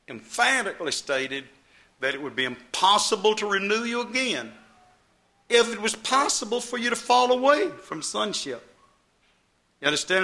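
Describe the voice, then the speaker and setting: A man's voice: a little high, sharp tone. A man preaching a sermon in a folksy, emphatic way, repeating phrases to drive them home.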